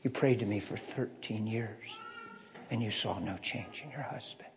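A man voicing God, low and measured. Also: creaky, crowd noise. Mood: gentle. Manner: low, soft, slow and measured. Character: God, calm correcting male spirit. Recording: long hall reverb.

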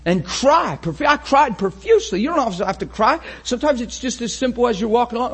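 A man preaching a sermon with great passion, often rising to a shout and acting out how his listeners would react. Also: very high voice, sing-song, a little fast, hardly any pauses, slightly rough.

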